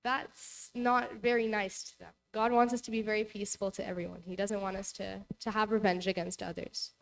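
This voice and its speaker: A young woman leads a relaxed Bible lesson in a church hall. She retells the story casually, leaning on "like" and "you know" as she goes. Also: mid-range voice, brisk, creaky. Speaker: Bible study presenter.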